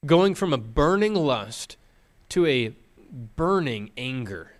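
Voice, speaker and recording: A male preacher retells a scripture story as a sermon. He slows for dramatic pauses and puts rhetorical questions to his listeners. His voice sits in an ordinary middle pitch. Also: big pitch swings.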